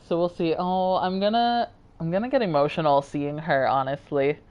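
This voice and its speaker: A woman's voice: low voice, normal speed, clean tone, highs cut off. A tired woman streamer chatting casually and rambling to her viewers while she plays a game. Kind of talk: casual live-stream chat.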